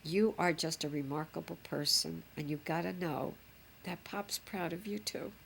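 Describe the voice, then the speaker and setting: A woman's voice: low voice, steady tone, normal speed, gravelly, a little hiss or hum. An older woman, a grandmother reminiscing fondly in a chatty, rambling way. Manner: chatty, fond, rambling with fillers. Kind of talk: reminiscing home recording.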